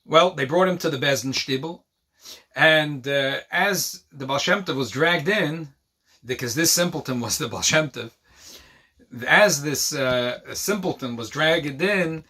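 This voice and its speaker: A male rabbi preaches a sermon as a story, his slightly high, bright voice mixing Hebrew and Yiddish words into English. He builds to emphatic, near-shouted points. The delivery stays lively and forceful. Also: measured pace.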